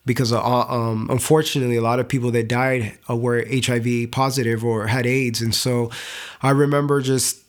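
A young man giving an earnest, emotional personal faith testimony, halting at times and repeating words. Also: medium pitch, level tone. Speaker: testimony speaker.

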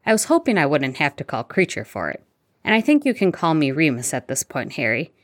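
A woman's voice: low voice, big pitch swings, a little fast, no room sound, studio quality. A woman reading fan fiction aloud, voicing a wry, teasing middle-aged male wizard.

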